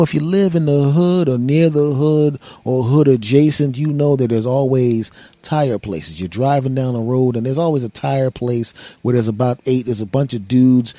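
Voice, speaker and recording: A man's voice: mid-range voice, warm tone, no room sound. Rambling comedic man from Philadelphia. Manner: rambling, self-mocking storyteller with voiced asides. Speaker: podcast host. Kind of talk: comedic monologue.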